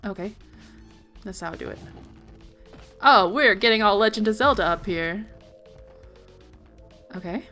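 A woman's voice: medium pitch, lively intonation, a little slow, pauses often, sharp tone, soft background music. A young woman giving let's play commentary, reading game text aloud and reacting with worried exclamations. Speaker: gaming video host.

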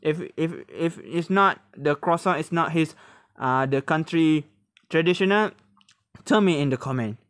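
A man hosting a reaction video, talking casually in halting English, often laughing and exclaiming. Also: fairly high pitch, a bit bright, smooth, no room sound, clean studio sound.

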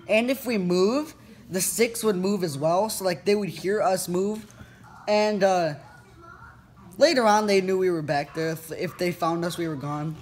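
A teenage boy vlogging, retelling an incident in a rambling way full of fillers. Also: high voice. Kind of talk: casual storytelling to camera.

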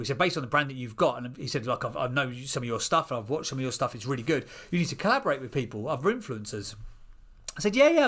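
A man in his thirties, a podcast guest, telling an animated story and acting out the voices of people in it. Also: mid-range voice.

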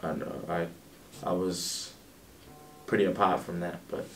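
A man's voice: deep voice, little pitch movement, measured pace, reverberant, far from the mic, a little hiss or hum. A young man from Zimbabwe with a New Zealand accent, talking casually as a guest, laid-back, trailing off into fillers. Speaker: guest, clothing entrepreneur. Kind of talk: casual interview chat.

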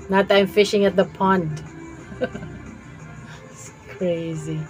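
A woman's voice: on the low side, steady tone, slow, pauses often, a little mellow, faint music behind. A young woman with a Visayan Filipino accent chatting casually and giggling with viewers as she streams a game. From Visayas, Philippines. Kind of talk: casual live-stream chat while playing.

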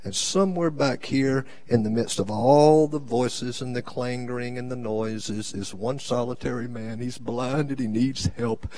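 A man preaching a live sermon as a bishop, with a preacher's cadence that swings from shouting to hushed tones. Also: medium pitch, fairly even intonation, measured pace, hardly any pauses.

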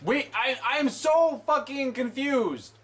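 Young man, gamer commentary, high lively voice, bright, cursing outbursts. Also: takes it slowly. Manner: profane, exasperated outbursts. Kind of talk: let's play commentary.

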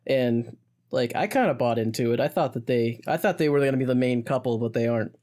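A man's voice: mid-range voice, fairly quick, a little mellow. A man co-hosting a podcast, joking and laughing as he chats about a musical. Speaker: podcast co-host. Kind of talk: casual chat.

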